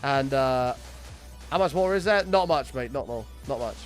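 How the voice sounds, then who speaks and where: A young man streams a game and chats casually with his live chat, telling long, sweary stories and quickly greeting viewers as they arrive. His voice is mid-range and expressive, with faint music in the background.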